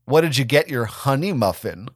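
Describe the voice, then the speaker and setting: A man's voice: medium pitch, expressive, moderate pace, dry recording, clean studio sound, lightly acted. A man voicing a wisecracking, sardonic teenage boy in a dramatic fan-fiction reading. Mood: teasing. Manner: teasing, sarcastic.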